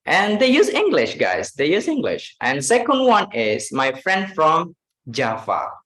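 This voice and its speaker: A man's voice: fairly high pitch, wildly swooping pitch, a little slow, a bit bright. Indonesian man teaching English, echoey room. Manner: switches between English and Indonesian, many fillers. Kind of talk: live online English lesson.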